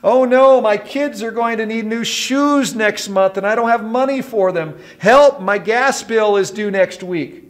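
A man's voice: high voice, measured pace, hardly any pauses, pitched above the performer's own voice. A man voicing a panicky everyday worrier fretting over bills, with frantic, stammering pleas.

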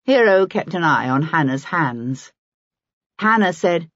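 A woman reading a historical novel aloud as an audiobook narrator, in a measured storytelling manner. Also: lowish voice, lively intonation, fairly bright tone, no echo, highs cut off. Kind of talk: scripted narration.

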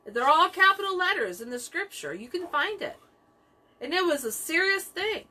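A woman's voice: very high voice, sing-song, normal speed, sharp tone. A woman leading a Bible study, teaching with emphatic repetition of key phrases.

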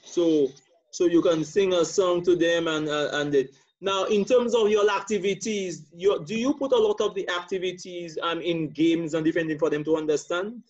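A man's voice: high voice, steady tone, normal speed, darkish tone, dull audio. A man leading a church training course over a call, asking questions and affirming answers with frequent murmurs.

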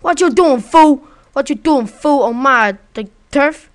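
A woman voicing a swaggering trash-talking tough who guards her turf, loud and taunting in a raised pitch. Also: unhurried. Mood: taunting, angry. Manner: loud, high and taunting, calling others fool.

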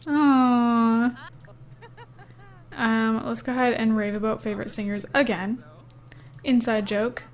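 A woman's voice: a little high, steady tone, slow pace, long pauses. A young woman casually narrating her life-simulation game as a gaming YouTuber, chatty and giggly, with lots of "um" and "like". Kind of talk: casual let's-play commentary.

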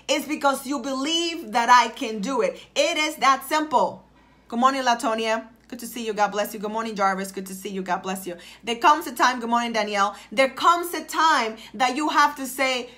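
A woman's voice: on the high side, moderate pace, pushed and bright. A woman life coach giving a motivational livestream talk, greeting viewers by name and driving points home by repeating phrases in a preachy, emphatic way. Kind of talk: live-streamed motivational talk.

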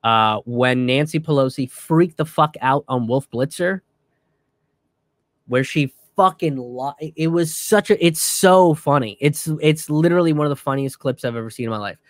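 A man giving a casual, profane commentary rant in an animated way. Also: mid-range voice, moderate pace, no echo, clean studio sound.

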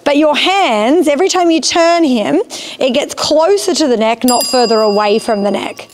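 Woman riding instructor in an arena, really high voice, keeps asking if it makes sense and cheering her on. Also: lively intonation, moderate pace. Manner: encouraging, checks understanding often. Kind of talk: live coaching of a rider.

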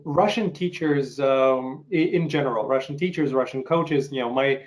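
A man hosting an interview works his way into each question hesitantly, circling back and starting over. His voice sits at an ordinary middle pitch, and his tone is casual. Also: normal speed. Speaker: podcast host.

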